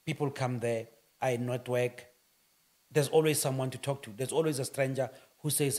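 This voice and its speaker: A man's voice: mid-range voice, normal speed, darkish tone, faint music behind. A man hosting a casual interview and pushing his guest with teasing questions. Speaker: podcast host.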